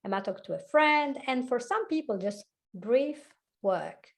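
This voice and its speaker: A woman with an Italian accent, a hypnotherapist and life coach, talking fast and laughing often as a guest on a video-call chat. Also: on the high side, lively intonation, creaky. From Italy. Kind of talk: casual chat.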